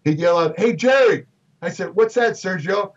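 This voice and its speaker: A man's voice: high-pitched, moderate pace, recorded from a distance, lo-fi sound. An older man from Brooklyn, a bodybuilding writer telling anecdotes in a chatty way, with many fillers and restarts. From Brooklyn, New York. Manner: chatty, repeats words, frequent fillers and restarts. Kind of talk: casual anecdotal storytelling.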